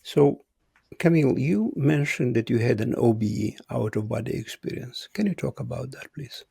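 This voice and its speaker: A man with a heavily gravelly, very raspy voice hosts an interview, putting short, relaxed questions from his notes. His voice sits at a middle pitch and is recorded dry and close. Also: normal speed, dry recording. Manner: brief, relaxed, reads prepared questions. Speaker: podcast host.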